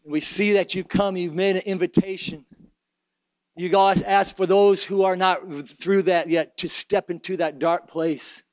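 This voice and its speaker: A man's voice: high voice, steady tone, unhurried, no echo, rough recording. A man preaching a sermon and leading an altar prayer, fervent and emphatic, with repeated phrases.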